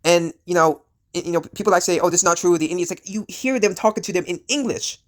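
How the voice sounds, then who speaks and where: A man's voice: high voice, quick pace. Sick man ranting with a raised voice. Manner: rambling, full of fillers and restarts, blunt and profane. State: sick, coughing. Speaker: vlogger. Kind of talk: casual ranting commentary.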